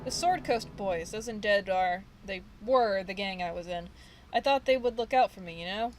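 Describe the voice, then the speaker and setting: A woman's voice: medium pitch, normal speed, soft background music, close to an everyday voice, low-quality recording. A woman reading the lines of a frightened young male ex-gang member who rambles nervously in street slang, in her own everyday voice. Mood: scared. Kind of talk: reading game dialogue aloud.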